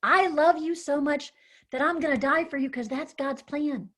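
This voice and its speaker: Lady doing jesus, gentle and loving, calm, still pretty high pitched. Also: normal speed, lightly acted.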